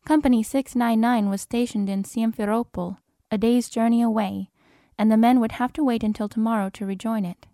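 A woman narrating an audiobook in a measured, expressive way. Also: a little high, dry recording, studio quality. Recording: narration over film score.

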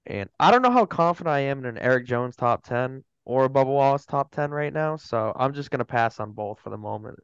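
A man lays out his betting picks plainly and without fuss. His voice is smooth and clear, recorded dry and a little dull. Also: mid-range voice, expressive, fairly quick, hardly any pauses, no room sound. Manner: matter-of-fact, listing picks. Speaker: podcast co-host. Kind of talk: casual sports betting chat. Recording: dry, slightly dull mic.

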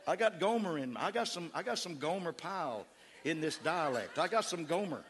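A man's voice: on the high side, expressive, normal speed, a bit bright. A middle-aged man with a West Texas accent, preaching a fervent, emphatic sermon to his church. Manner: fervent, emphatic preaching with crowd call-outs. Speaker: pastor. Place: church sanctuary. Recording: echoey church hall.

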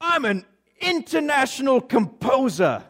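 Guy putting on an excited old man w a heavy accent, high and loud, gushes nonstop. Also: measured pace, exaggerated voice. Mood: boastful. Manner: excited, gushing, talks on and on. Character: enthusiastic chatty older man with strong accent.

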